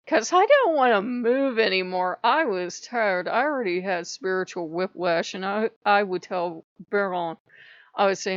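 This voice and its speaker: Late at night, a tired pagan spiritual vlogger talks in a rambling, candid monologue, mocking herself and swearing now and then. Her voice is mid-range, and the recording is muffled, with no room sound.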